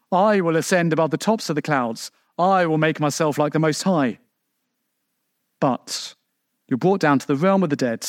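Emphatic high-voiced preacher, dry sound. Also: male voice, no echo. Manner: emphatic, rhetorical questions to the congregation; shifts pitch sharply for emphasis. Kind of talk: sermon.

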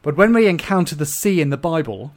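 An expressive man from England preaching a sermon to his congregation. His voice sits a little higher than most men's. He swings between loud, emphatic peaks and quiet, hushed asides. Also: brisk.

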